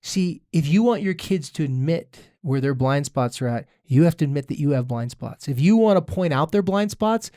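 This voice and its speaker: A man in his thirties, a therapist co-hosting a podcast, talking in a lively, jokey way and acting out quoted voices. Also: on the high side, moderate pace, hardly any pauses, no room sound, clean studio sound. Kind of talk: casual podcast chat.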